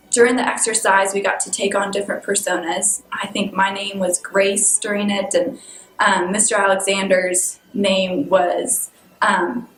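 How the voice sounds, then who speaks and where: A woman's voice: mid-range voice, fairly bright tone. A woman recalls her favorite law school class with enthusiasm. Her voice rings in an echoey room. A faint hum of ambience sits underneath. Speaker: law student. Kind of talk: recollection told to camera.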